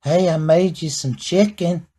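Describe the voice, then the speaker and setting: A man's voice: on the high side, unhurried, mellow, husky, pitched above the performer's own voice. A comedian putting on the voice of his blunt, matter-of-fact girlfriend. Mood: casual. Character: his lady, blunt nonchalant adult woman.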